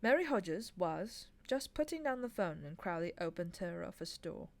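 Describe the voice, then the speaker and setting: Calm female reader, lowish voice, easygoing audiobook narration. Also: normal speed, vocal fry, dry recording. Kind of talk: audiobook reading.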